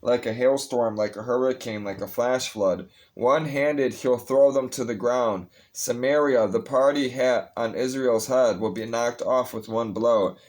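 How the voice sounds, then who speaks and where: Reading the Bible aloud in a casual way, this man has a mid-range, darkish voice that moves a little slowly with hardly any pauses. He restlessly cuts himself off with blunt, profane remarks and starts his phrases over.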